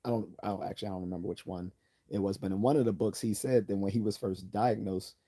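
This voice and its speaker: A man's voice: on the low side, steady tone, fast talker, mellow, husky. A man hosting a casual livestream, chatting loosely, correcting himself often and reading viewer comments aloud. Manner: rambling, self-correcting, reads chat comments aloud. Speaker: livestream host.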